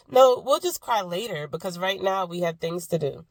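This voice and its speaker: Woman, 30s, low gravelly voice, a little sick, reflective and rambling vlog talk. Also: normal speed, dry recording. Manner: candid, reflective, rambling with tangents. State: sick, with a cough. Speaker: vlogger. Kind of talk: personal faith vlog.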